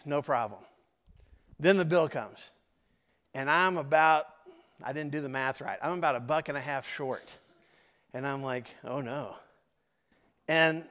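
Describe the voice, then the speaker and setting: A man's voice: on the high side, fairly bright tone, clear, resonant tone. A man, telling a personal story in a conversational sermon to his congregation, with asides to the audience. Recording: long hall reverb.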